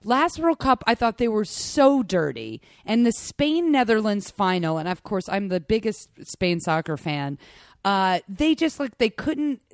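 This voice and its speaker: A woman from the United States co-hosting a casual sports chat, animated and chatty, often restarting her sentences. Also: medium pitch, measured pace, no room sound, clean studio sound. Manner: chatty, animated, self-interrupting. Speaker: podcast co-host.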